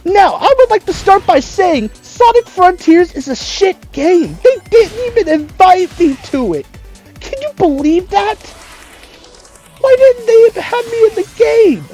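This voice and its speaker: A gamer doing a high, bright-voiced teenage hedgehog hero from a video game, earnest and quick to shout a battle cry. He swings wide in pitch, keeps his lines punchy, and slides easily into a mock-indignant rant. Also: very animated, faint music behind, exaggerated voice. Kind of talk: video game character impression.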